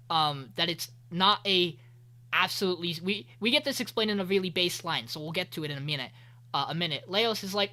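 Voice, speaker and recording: A man hosting an anime podcast, recapping an episode in a loose, profane way and quoting characters in quick voices. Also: high-pitched, pushed and bright. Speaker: podcast host.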